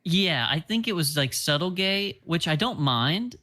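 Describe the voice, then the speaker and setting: A man's voice: a little high, lively intonation, unhurried, sharp tone. Laid-back man griping about movies. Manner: casual, loose, lots of filler, gripes freely. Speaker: podcast co-host film critic. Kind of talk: casual film review chat.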